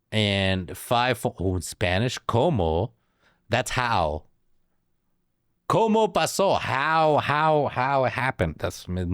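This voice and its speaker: A young man riffing with his stream chat in loose, slangy banter. His voice sits fairly low and he takes his time, with a close, dry sound and no room around it. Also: no room sound. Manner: jokey, slangy banter with frequent laughs. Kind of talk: casual stream chat reacting to chat.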